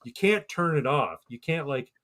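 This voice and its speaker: A man's voice: a little high, animated, moderate pace, fairly bright tone. A man in his thirties telling a rambling, profane story on a casual podcast and acting out the voices of the people in it. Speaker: podcast co-host.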